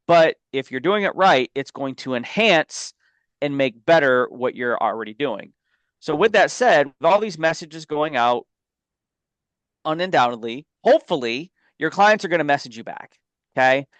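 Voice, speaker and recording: A man's voice: on the high side, animated, moderate pace, fairly bright tone, no room sound. A man who sells life insurance, co-hosting a casual business talk and telling stories in an emphatic, conversational way. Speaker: life insurance agent and co-host.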